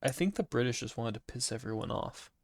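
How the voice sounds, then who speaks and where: A man's voice: mid-range voice, expressive, fast talker, vocal fry, no echo. A young man co-hosting a podcast in casual chat, dropping dry, joking remarks. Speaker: podcast co-host.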